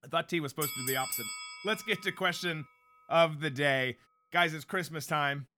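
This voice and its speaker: A man's voice: fairly high pitch, moderate pace. A man hosting a live online talk show, chatting casually, joking, reading out viewer comments and ad reads. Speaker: host of a live political show.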